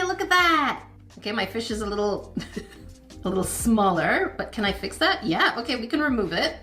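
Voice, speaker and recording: A woman at a mid-pitched, ordinary speaking level narrates a hands-on craft kit review. She chats along as she works, cheering herself on and breaking into flustered little exclamations. Light music sits faintly under her voice. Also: fairly bright tone. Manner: chatty, self-encouraging, easily flustered with quick exclamations. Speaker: craft channel host.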